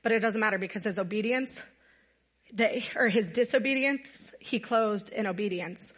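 A woman's voice: mid-range voice, moderate pace, a bit bright. A woman giving a casual, earnest sermon to a gathered audience, telling a Bible story conversationally. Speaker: women's night speaker.

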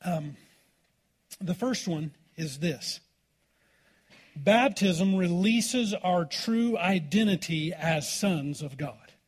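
A man's voice: high-pitched, lively intonation, slow pace, husky. A man pastor preaching a sermon in a church, in a folksy, informal way and calling out for "amen" from the congregation.

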